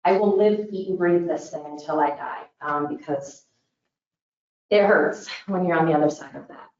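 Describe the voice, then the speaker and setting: A woman's voice: low-pitched, moderate pace, darkish tone. A woman from Northern Indiana with a northern US accent, giving an earnest public forum presentation for a disaster recovery group, with many "um" fillers. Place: large meeting room. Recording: echoey hall, distant, dull mic.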